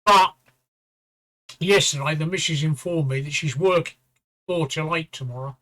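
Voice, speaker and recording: A man's voice: on the high side, moderate pace, sharp tone. A man hosting a live stream, talking in blunt, boastful, casual chat and swearing freely. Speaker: stream host.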